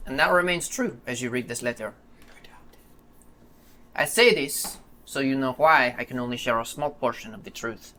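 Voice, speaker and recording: A man voicing a secretive, earnest father with a French accent, reading his letter in a grave, measured way. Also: mid-range voice, animated, pushed and bright.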